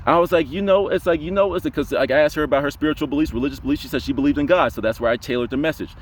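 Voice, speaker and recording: Brief: quick-talking young male vlogger, rambling storyteller, slightly high voice. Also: a little hiss or hum. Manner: rambling, heavy on fillers like "you know". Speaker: spiritual vlogger. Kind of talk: casual storytelling vlog.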